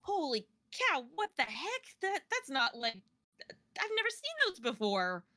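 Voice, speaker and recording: A woman's voice: high voice, big pitch swings, measured pace, bright, forceful tone, pitched above the performer's own voice, exaggerated voice. A woman voicing a startled, bewildered athlete who exclaims in disbelief.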